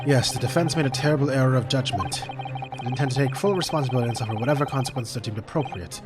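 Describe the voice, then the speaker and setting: A man's voice: mid-range voice, fast, over music, lightly acted. A man voicing an earnest, determined young male defense lawyer in a courtroom game.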